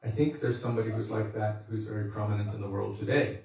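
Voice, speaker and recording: A man's voice: on the low side, fairly even intonation, fast talker, a little mellow. Male spiritual teacher, easygoing, chatty class tone; recorded far off in a very echoey room. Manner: conversational, laughs and acts out quotes. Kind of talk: devotional scripture class.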